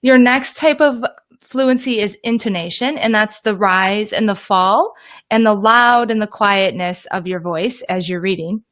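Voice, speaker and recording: A woman's voice: medium pitch, unhurried, a bit bright. A woman explaining reading lessons to teachers in an upbeat, direct teaching talk. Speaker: teacher trainer.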